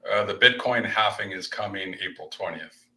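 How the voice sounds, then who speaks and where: A man co-hosting a casual sports show, telling stories in an animated, excitable way. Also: fairly low pitch, normal speed, poor audio. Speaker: co-host and loan officer.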